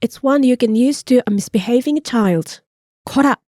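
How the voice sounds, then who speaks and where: A woman co-hosts a language lesson in a slightly high, warm voice. She explains grammar patiently and models pronunciation slowly, recorded close and dry. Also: dry recording. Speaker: native-speaker co-host teaching Japanese. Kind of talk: scripted podcast lesson.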